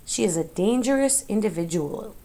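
A woman voicing a sly, menacing male rat villain in an audiobook, with smooth, coldly polite threats. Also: medium pitch, expressive, normal speed, warm tone. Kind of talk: audiobook character voice.

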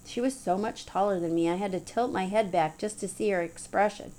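A woman's voice: mid-range voice, a little fast, dark tone. A woman reading a story aloud in an easygoing, storytelling manner, as audiobook narrator. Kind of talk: scripted narration.

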